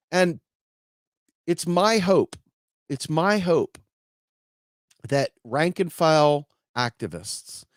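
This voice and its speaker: A man hosting a casual explainer show, talking straight to his audience in a lively, up-and-down voice. He spins stories and analogies, checks in often with his listeners, and sits in a fairly high register. The recording is close and dry. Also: no room sound. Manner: animated, storytelling, conversational. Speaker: host.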